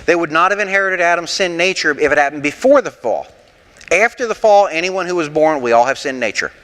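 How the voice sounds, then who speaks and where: A man leading an interactive sermon class, animated and rhetorical with a sarcastic streak, taking questions from the room in a church. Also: a little high, brisk, big-room sound. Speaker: pastor teaching a Bible class.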